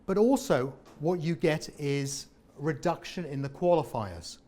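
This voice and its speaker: A man, a former comedian, leading a lively interactive workshop on presenting and asking the audience questions. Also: on the high side, measured pace. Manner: animated, jokey, questions the audience. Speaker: presentation trainer. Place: meeting room with an audience.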